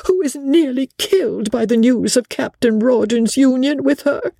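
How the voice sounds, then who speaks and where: A woman's voice: sits high, moderate pace, vocal fry, warm tone, dry recording, clean studio sound, voice pushed up. A woman doing a flustered, gasping companion. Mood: anxious. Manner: gasping and fluttery. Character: timid, flustered female companion.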